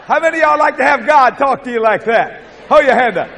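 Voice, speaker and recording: A preacher, giving a folksy sermon, chuckling often and acting out little scenes. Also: male voice, very high voice, fast, creaky, sharp tone, some chatter behind.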